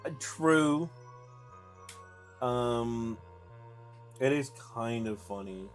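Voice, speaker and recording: A man's voice: mid-range voice, expressive, very slow, faint music behind. A young man, chatting casually while streaming a game live and reading chat aloud. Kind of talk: live gameplay commentary.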